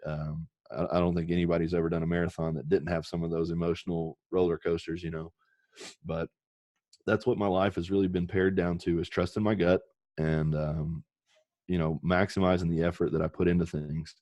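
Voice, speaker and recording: A very deep-voiced man talks candidly and with feeling, swearing now and then as he tells personal stories. The sound is dry and close, with no room around it. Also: level tone, brisk, a little mellow, no room sound. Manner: earnest, emotional, swears casually. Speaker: podcast guest. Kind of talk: candid podcast storytelling.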